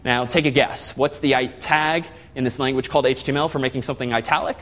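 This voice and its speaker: A man's voice: mid-range voice, fairly even intonation, quick pace, fairly bright tone. A man giving a classroom lecture, explaining step by step and putting questions to the class.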